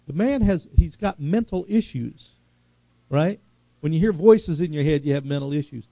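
A man preaching a sermon, swinging from loud, high exhortation to hushed, slow earnestness. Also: animated, dry recording, dull audio.

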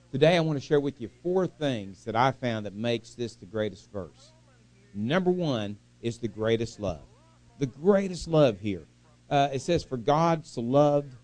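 A man's voice: mid-range voice, a little mellow. A middle-aged man from the United States preaching a sermon in a folksy, chatty way, often asking the congregation questions.

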